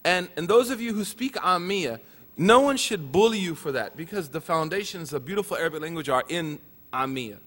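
Man giving a joking, earnest talk, high bright voice, big echoey hall. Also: animated, fairly quick. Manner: joking asides mixed with earnest teaching. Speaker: speaker at a religious gathering. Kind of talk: humorous teaching talk. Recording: hall with long reverb.

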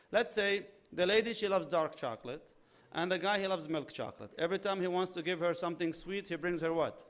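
A man preaching a sermon, animated, acting out little dialogues and mixing in Arabic religious phrases. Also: on the high side. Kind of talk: sermon on marriage.

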